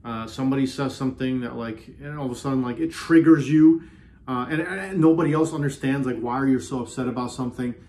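A man hosting a self-help video, talking earnestly in a casual motivational way, often repeating himself and slowing down on key phrases. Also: medium pitch, dark tone. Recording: roomy echo.

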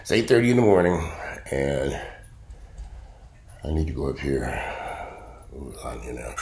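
A man's voice: rumbling low, very animated, moderate pace, a little mellow. A man, rambling bluntly and profanely to camera in a casual vlog. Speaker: vlogger. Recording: roomy echo.

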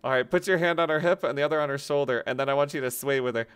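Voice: medium pitch, very fast, fairly bright tone, smooth. Giggly voice feeding prank lines. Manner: laughing, prompting lines. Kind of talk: casual chat.

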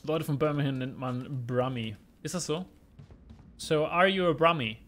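A man with a German accent chatting casually in English and German while streaming a shooter game, relaxed and joking. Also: fairly high pitch, normal speed. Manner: relaxed, joking, talks to teammates and viewers. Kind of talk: casual gaming chat switching between English and German.

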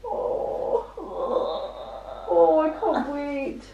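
A woman's voice: high-pitched, very slow, vocal fry, echoey room, dull audio, slight background noise. A middle-aged woman, emotional and tearful, gushing with happy laughter as she chats casually. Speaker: vlogger's mother. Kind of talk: casual chat.

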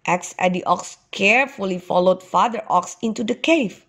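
A woman, a kindergarten teacher, reading a children's story aloud with slow, expressive storytelling. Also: medium pitch.

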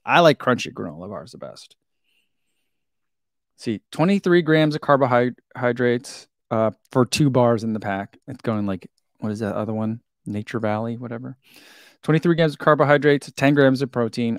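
Reviewing a snack on his vlog, a man with a medium-pitched, creaky, slightly mellow voice talks a little fast as he unboxes and samples it. He's chatty and giggly, speaking while chewing, in clean studio sound with no room sound.

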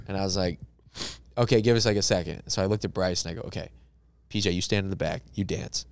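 A man, a comedian guest on a podcast, telling a story in casual, lively fashion and acting out the people in it. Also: on the low side, fast, smooth. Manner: animated, acts out characters in his story.

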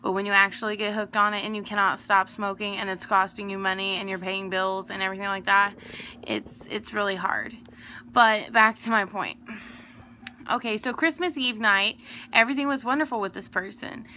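A woman's voice: medium pitch, steady tone, normal speed, bright, forceful tone, slight background noise. A young adult woman telling a personal story in a casual, rambling, emphatic way.

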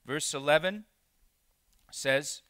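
A man's voice: on the high side, slow, sharp tone, dry recording. A man preaching a verse-by-verse sermon as pastor, sometimes acting out quoted lines and repeating words as he restarts. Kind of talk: expository sermon. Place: church sanctuary.

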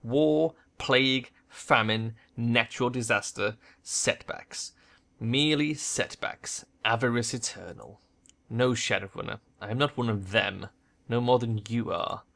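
A weary, aging male scientist from a game, speaking with grave, measured conviction, as a man reads his lines. His voice is bright and clear, at a middling pitch. He sounds tired but unshakable. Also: close to an everyday voice.

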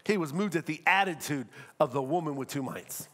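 A middle-aged pastor whose voice is a little high and a little fast gives a lively sermon, posing rhetorical questions to the crowd and acting out quotations.

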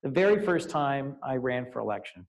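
A man in his fifties, a senator giving a public talk, telling an animated personal story with casual fillers. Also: medium pitch, moderate pace, gravelly, low-quality recording. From United States. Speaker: U.S. senator, guest speaker. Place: law school lecture event, indoors.

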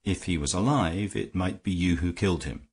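A man reading an audiobook, voicing a mild, measured gentleman detective who reasons quietly. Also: low-pitched, a little hiss or hum, close to an everyday voice. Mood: calm, mild. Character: calm, shrewd gentleman detective.

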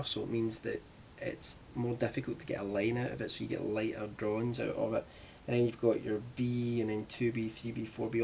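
Faint hiss or hum sits under this casual vlog chat from a young man from Glasgow, Scotland, with a Glaswegian Scottish accent. His mid-range voice has a darkish tone as he rambles to camera, poking fun at himself.

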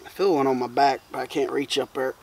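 A man, chatting casually to camera at a woodland campsite in a relaxed, rambling way. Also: mid-range voice, fast, slightly rough. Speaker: bushcraft vlogger. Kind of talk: casual campfire chat to camera. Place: outdoors in the woods at a campsite. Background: crickets and insects.

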